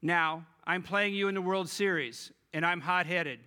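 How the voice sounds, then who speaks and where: Casting: a man doing a stern baseball manager, emphatic, bright and pushy. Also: high voice, measured pace, smooth. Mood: challenging. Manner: emphatic, testing questions.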